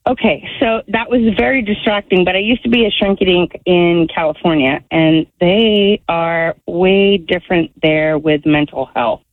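A woman's voice: lowish voice, normal speed, hardly any pauses. A woman calling in to a radio show, speaking in a hesitant, rambling way. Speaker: caller. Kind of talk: call-in radio talk. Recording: tinny phone line.

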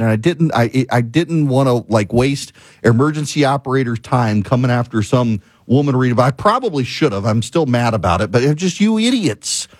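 Man ranting in a lively, swinging voice. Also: medium pitch, no room sound. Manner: exasperated ranting, lively storytelling with laughs. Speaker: talk show host. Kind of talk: casual opinion monologue.

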